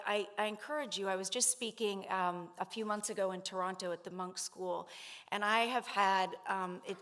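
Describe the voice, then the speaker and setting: A woman's voice: medium pitch, a bit bright. Earnest woman giving a panel speech. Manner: earnest, repeats phrases, many fillers. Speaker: conference speaker.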